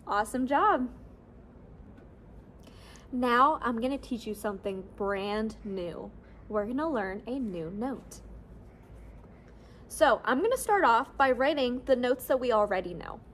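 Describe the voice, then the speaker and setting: Young woman, kids' music teacher, unhurried and upbeat, slow deliberate pace. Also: a little high, lively intonation, fairly bright tone, a little hiss or hum. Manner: cheerful, slow and clear, repeats rhythm syllables for kids to echo. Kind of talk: classroom lesson video for children.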